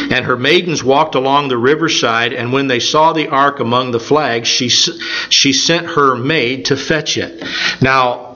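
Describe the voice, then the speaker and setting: A man preaching a sermon, retelling a scripture story in a conversational, animated way. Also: mid-range voice, highs cut off.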